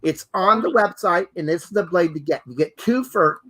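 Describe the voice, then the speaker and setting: A costume designer and co-host with a high, sharp voice talks at normal speed while showing off sewing tools. It's an enthusiastic product-demo chat full of exclamations, and he keeps repeating "fabulous" and "hello."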